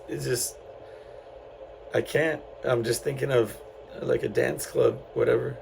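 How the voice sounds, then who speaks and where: A man's voice: medium pitch, steady tone, unhurried, creaky, a little mellow, a little hiss or hum, rough recording. A middle-aged man from San Antonio, hosting a podcast and telling a story in a loose, rambling way full of fillers and restarts. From San Antonio, Texas. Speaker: podcast host. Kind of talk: casual solo storytelling.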